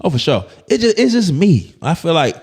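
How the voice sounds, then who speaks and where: Male comedian with an Alabama accent, animated and swinging in pitch, jumps into other people's voices mid-story. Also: moderate pace, slightly rough. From Birmingham, Alabama. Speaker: comedian guest. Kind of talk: casual interview chat.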